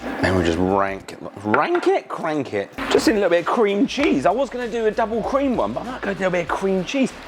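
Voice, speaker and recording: A man's voice: high voice, huge pitch swings, fairly quick, background noise. An enthusiastic man, hosting a casual cooking demonstration in chatty, slangy talk. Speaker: cooking show host. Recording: music playing behind.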